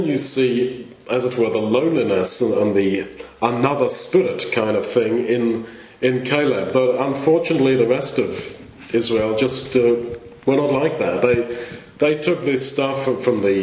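A man delivering a sermon with earnest, halting phrasing and frequent restarts. His voice sits at an ordinary pitch. The sound is roomy and a little dull, like a church hall recording. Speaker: preacher.

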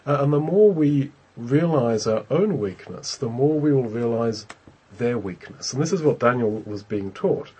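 Preaching on a scripture passage, a man speaks thoughtfully and haltingly, often repeating words while he searches for how to express himself. His medium-pitched, husky voice has lively intonation and a dark tone, on a low-quality recording.

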